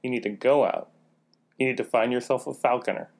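A man in casual podcast chat who offers earnest, deadpan advice. He often stumbles on the first word before settling in. His pitch sits in an ordinary middle range. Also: fairly quick, vocal fry. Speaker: podcast co-host.

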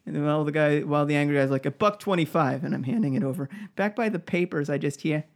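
A man's voice: fairly high pitch, quick pace, darkish tone. Laughing man telling a story. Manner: laughs often, acts out quoted voices. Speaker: podcast co-host. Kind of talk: casual storytelling.

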